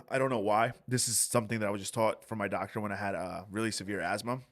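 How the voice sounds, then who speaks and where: A young adult man telling a story in a casual, animated, profane way as a podcast co-host. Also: fairly low pitch, fast talker.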